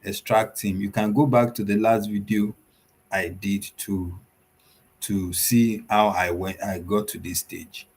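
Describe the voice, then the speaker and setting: A man's voice: fairly low pitch, flat delivery, a little slow, a little mellow, slightly rough. A man teaching web design in a screen-share tutorial, walking through the steps one by one, repeating himself and using many fillers.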